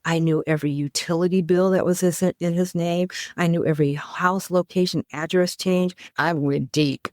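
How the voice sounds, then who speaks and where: A woman's voice: lowish voice, fairly even intonation, moderate pace, few pauses, a little mellow, no room sound, clean studio sound. A middle-aged woman, a podcast guest, earnestly recounting a personal story with emphatic, vivid detail.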